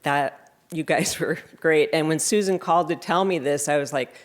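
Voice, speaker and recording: A woman's voice: deep voice, normal speed. Woman giving a wry acceptance speech. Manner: sarcastic, self-deprecating humor. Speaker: award recipient giving thanks. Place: library reception room.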